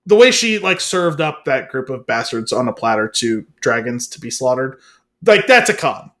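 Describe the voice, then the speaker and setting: A man co-hosts a podcast, chatting casually in a medium-pitched, slightly bright voice at a moderate pace. He rambles and hedges, filling his talk with lots of fillers.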